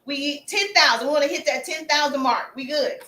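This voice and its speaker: A woman hosts a casual live stream with sales tips, her voice high and bright. She chats with viewers, calls them baby and acts out sample messages. The room gives back a noticeable echo. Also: fairly quick, faint music behind. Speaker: livestream host and sales coach. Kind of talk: casual livestream coaching.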